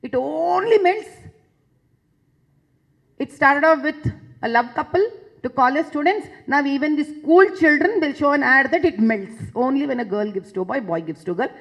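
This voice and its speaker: A woman's voice: high voice, animated, moderate pace, fairly bright tone, low-quality recording. A woman with an Indian English accent giving an impassioned public talk, emphatic and repeating phrases for force. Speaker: public speaker addressing a session.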